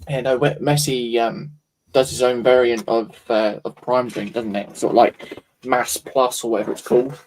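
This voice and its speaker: A man's voice: mid-range voice, steady tone, normal speed, darkish tone, poor audio. A man from England chatting casually, rambling and searching for words. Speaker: co-host. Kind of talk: casual chat.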